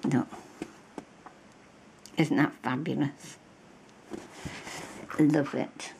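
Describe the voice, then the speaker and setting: Slow, gravelly older British woman. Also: sits low, steady tone, mellow, a little hiss or hum. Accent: British English. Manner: chatty, effusive, rambling with many fillers. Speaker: crafting vlogger. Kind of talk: casual show-and-tell chat.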